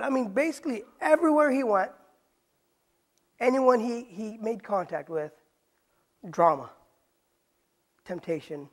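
Preaching a Bible study sermon, this pastor leans on rhetorical questions and casual street slang. His voice sits high and is animated, unhurried, and broken by long pauses.

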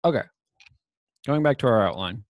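A man giving a recorded course lecture, casual and digressive with many fillers, his voice slightly raspy from talking. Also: medium pitch, expressive, normal speed, no echo, clean studio sound.

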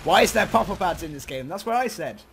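A young man from England in casual game commentary, excitable and shouting during the action. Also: sits high, fast talker, slight background noise. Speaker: gaming video host.

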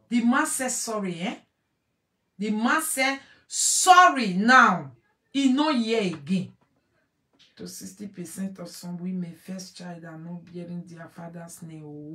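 A woman's voice: medium pitch, distant mic. Nigerian woman host, emphatic and repetitive commentary, roomy echo. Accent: Nigerian Pidgin English. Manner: emphatic, repeats phrases, switches between pidgin and English. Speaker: online show host commenting on a video. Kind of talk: animated commentary to an audience. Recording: echoey room, voice away from mic.

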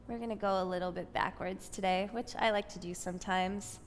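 A woman leading a yoga class with calm, soothing, unhurried guided cues. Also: mid-range voice, a little hiss or hum. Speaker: yoga instructor. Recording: long reverb from a spacious room.

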